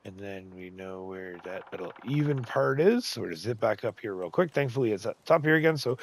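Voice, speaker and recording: A man hosting a casual game tutorial, chatting to himself and getting excited as he builds. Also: lowish voice, a little fast, gravelly, hardly any pauses, slight background noise. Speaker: gaming channel host.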